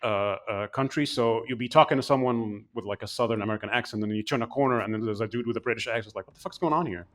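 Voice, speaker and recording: A man's voice: on the low side, fairly even intonation, very fast, few pauses, a bit bright. A man co-hosting a game podcast, chatting casually and animatedly, rambling with many restarts. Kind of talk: casual chat, game review discussion.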